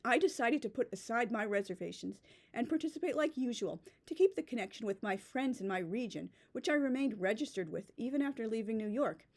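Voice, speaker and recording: A woman's voice: a little high, animated, brisk, a little mellow. Rambling, sarcastic woman vlogger. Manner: rambling and sarcastic, heavy use of "like". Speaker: blogger reflecting on a writing community. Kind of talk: casual spoken commentary.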